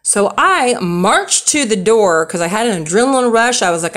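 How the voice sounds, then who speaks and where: A woman's voice: medium pitch, expressive, normal speed, a bit bright. A young woman rambling through casual true stories on a vlog, with many fillers and restarts. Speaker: storyteller.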